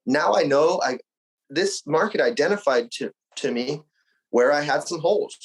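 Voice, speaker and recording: A man's voice: fairly high pitch, lively intonation, normal speed, husky, low-quality recording. A man from Arizona, a podcast guest, talking in an emphatic, slangy and upbeat motivational way. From Arizona, USA. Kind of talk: casual conversational interview.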